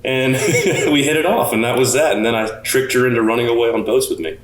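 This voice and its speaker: A man's voice: mid-range voice, fairly quick, reverberant. A man from Louisiana, a boat engineer, chatting casually with dry humor. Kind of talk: casual interview chat.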